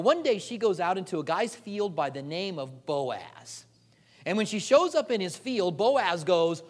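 High-voiced man preaching in a casual storytelling way. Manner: animated, jokey, acts out the characters' lines; frequent repeated "and, and" restarts. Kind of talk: conversational sermon storytelling.

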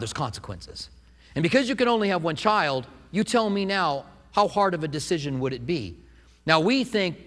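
A man preaching a sermon as pastor, lively and conversational, often asking the congregation questions. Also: a little high, long reverb tail.

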